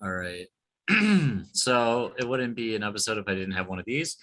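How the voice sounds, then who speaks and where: Deep-voiced man describing memes. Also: poor audio. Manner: relaxed, halting, many fillers. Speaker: podcast co-host. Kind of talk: casual chat describing memes.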